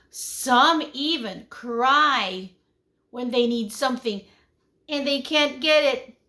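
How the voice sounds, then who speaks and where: A woman teaching a lesson to young children online, with an animated, sing-song delivery that swings in pitch and loudness and asks the children many questions. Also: slow. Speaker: preschool teacher.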